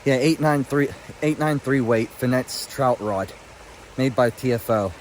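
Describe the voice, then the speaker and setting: A breathless, emotional man records himself on his phone while standing in a stream. His voice is pitched in a middling range and keeps tumbling over itself. Faint water noise runs quietly behind him. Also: unhurried. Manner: excitable, breathless and overwhelmed. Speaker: fly fishing vlogger. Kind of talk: emotional outdoor vlog. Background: flowing stream.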